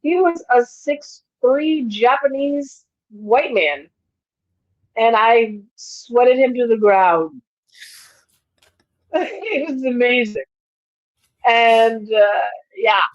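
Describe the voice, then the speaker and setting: A woman's voice: on the high side, expressive, drawn-out words, long pauses, no room sound, highs cut off. A woman from New York chatting casually and emphatically as a co-host, laughing often. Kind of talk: casual chat.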